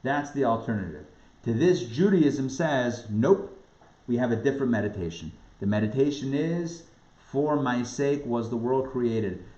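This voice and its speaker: A man from the New York area, a rabbi teaching a class with animated, emphatic delivery and repeated words for stress. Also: mid-range voice. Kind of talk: lively lecture on a spiritual text. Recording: roomy, dull lo-fi sound.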